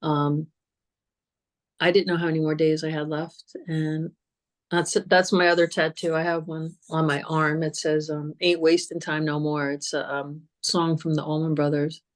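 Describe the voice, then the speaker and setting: A woman speaking as a guest and cancer survivor, telling stories in a casual, animated way that often repeats words and breaks into laughter. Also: sits low, moderate pace. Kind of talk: casual conversational storytelling.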